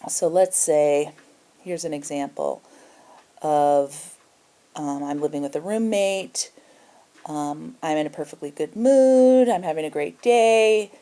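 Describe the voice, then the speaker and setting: A woman's voice: low-pitched, dark tone. A middle-aged woman explaining emotional boundaries in a spoken self-help lesson, acting out short bits of example dialogue. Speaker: emotional health teacher.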